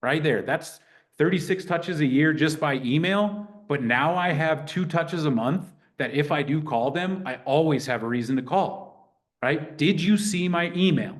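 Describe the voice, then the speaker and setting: A man teaching a real estate class in a lively, conversational way, acting out sample phone calls. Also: a little high, unhurried. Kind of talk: teaching a live workshop.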